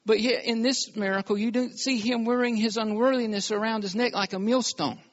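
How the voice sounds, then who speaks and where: A man preaching a sermon in a very high voice, pressing each point with emphasis. He keeps calling for amens from the congregation. The recording sounds dull and lo-fi. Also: fairly even intonation, a little fast. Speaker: pastor.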